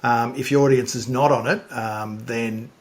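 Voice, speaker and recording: A man's voice: medium pitch, steady tone, normal speed. Casual male podcast host. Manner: conversational, casual, frequent restarts. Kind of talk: podcast interview chat.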